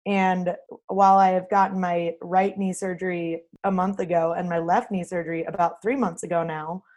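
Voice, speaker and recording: A woman's voice: lowish voice, flat delivery, normal speed, a little mellow, dull audio. A woman in her thirties co-hosting a casual podcast, bubbly and giggly, sounding a little tired. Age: 30s. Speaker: podcast co-host. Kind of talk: casual chat.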